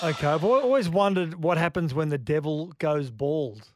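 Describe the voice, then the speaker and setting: A man's voice: a little high, moderate pace, over loud music. A man telling dad jokes and laughing at his own punchlines. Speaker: joke teller.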